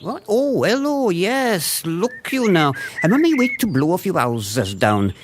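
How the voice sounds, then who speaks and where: A sniffly big bad wolf with a lilt, put on by a woman storyteller. He rambles in a lively, up-and-down way, more sorry for himself than scary. The recording carries a steady hiss. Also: lowish voice, a little slow. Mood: grumbly.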